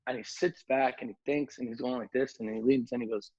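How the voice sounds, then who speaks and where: A man, a nightlife promoter, telling lively stories on a podcast, acting out the people he quotes. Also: medium pitch, normal speed, husky, dry recording, muffled recording. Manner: animated storyteller, acts out quotes, many fillers like "like". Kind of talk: casual podcast storytelling.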